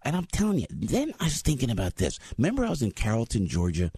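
A man in his sixties with a New Jersey accent, telling stories in an animated monologue as a talk show host. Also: medium pitch, fast, breathy edge, no room sound. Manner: animated, acts out voices. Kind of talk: storytelling monologue.

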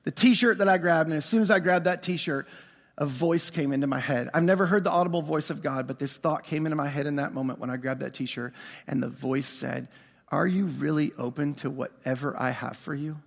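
A man in his forties preaching a storytelling sermon as pastor, acting out the dialogue in an animated way. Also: fairly high pitch, brisk, vocal fry, in a large hall.

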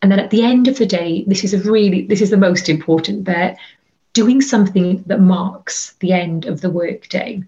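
A woman's voice: medium pitch, moderate pace. Chatty woman coaching on burnout. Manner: chatty, animated advice-giving with many fillers. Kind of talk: interview conversation. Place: bedroom. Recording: slightly dull lo-fi audio.

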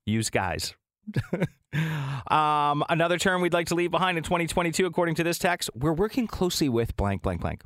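A man's voice: on the high side, expressive, fairly quick, fairly bright tone, no room sound, clean studio sound. Chatty man hosting morning radio. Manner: chatty, laughs often, reads listener texts. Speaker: radio show co-host. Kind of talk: casual morning radio talk.

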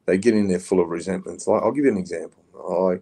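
A man's voice: low voice, quick pace, creaky, warm tone, slightly rough. A middle-aged Australian man speaking bluntly and casually as a podcast guest, now and then swearing. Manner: blunt, plain-spoken, swears, says "mate". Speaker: podcast guest, former prisoner. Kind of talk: casual interview talk.

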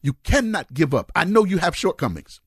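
Male pastor, husky and raised in pitch, lively fervent sermon delivery, dry close mic. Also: fairly quick, no echo. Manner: fervent preaching, rising to shouts and sung phrases. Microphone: close mic on a cord.

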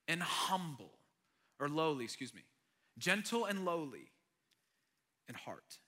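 A male pastor preaching a sermon in an earnest way, swinging between loud emphatic lines and hushed, nearly whispered ones. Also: mid-range voice.

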